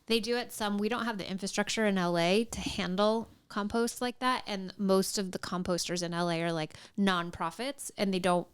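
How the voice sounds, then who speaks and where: A woman's voice: medium pitch, steady tone, normal speed, hardly any pauses, smooth. A woman co-hosting a podcast, chatting casually and explaining things in a matter-of-fact way. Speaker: podcast co-host. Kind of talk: casual chat.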